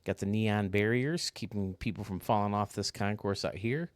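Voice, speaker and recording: A man's voice: fairly low pitch, moderate pace, no room sound. A man giving casual, chatty gameplay commentary, talking to his viewers as he tours a built stadium. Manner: chatty, excitable, talks to viewers. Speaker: video game stadium reviewer.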